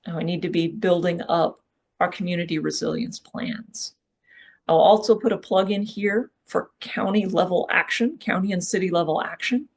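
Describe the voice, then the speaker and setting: A speaker at a live workshop talks in a direct, urging way and keeps checking in with the listeners. The voice sits at a middle pitch and has a gravelly, fry-edged texture. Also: normal speed. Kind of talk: live public talk.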